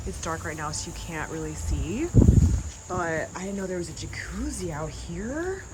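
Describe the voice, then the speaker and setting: A young woman quietly whispering, hushed and amazed, as she gives a whispered hotel room tour. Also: fairly low pitch, big pitch swings, brisk, background noise.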